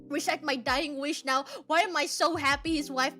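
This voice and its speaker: High-pitched, gushing young woman streamer. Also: sharp tone. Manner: gushing, breathless, swears a lot, repeats herself, bursts of laughter and shrieks. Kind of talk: excited casual chat to viewers.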